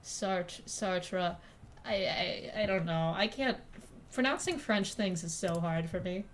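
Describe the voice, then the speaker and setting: A woman's voice: mid-range voice, animated, normal speed, slight background noise. A woman streamer chatting casually while drawing, rambling and self-deprecating, swearing freely. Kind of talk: casual live-stream chat.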